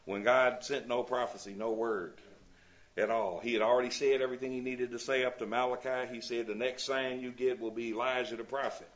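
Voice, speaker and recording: A man's voice: mid-range voice, level tone, brisk. Man teaching a Bible class, slightly muffled. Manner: reads scripture aloud and checks in with "you see?".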